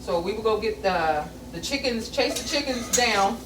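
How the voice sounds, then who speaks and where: A middle-aged woman talks her way through a home cooking session, folksy and blunt, wandering off into family stories. Her voice rings around a bare kitchen and sits well back from the mic. Frying food sizzles loudly under her words. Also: a little high, expressive, moderate pace, a little hiss or hum. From American South. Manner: chatty, earthy and profane, with folksy grammar and storytelling tangents. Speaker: home cook vlogger. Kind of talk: casual cooking vlog chat. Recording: echoey kitchen, mic at a distance, sizzling pan.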